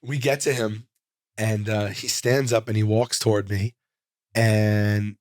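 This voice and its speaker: A man in his forties, a comedian guest, telling a rambling, animated anecdote in a casual interview, full of "like.". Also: fairly low pitch, slow pace, no echo, studio quality.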